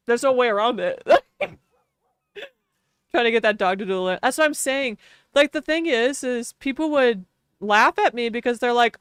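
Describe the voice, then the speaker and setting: A woman's voice: fairly high pitch, moderate pace, fairly bright tone, clean tone, no room sound, studio quality. A woman streamer telling a long casual story while gaming, chatty and full of fillers, laughing often.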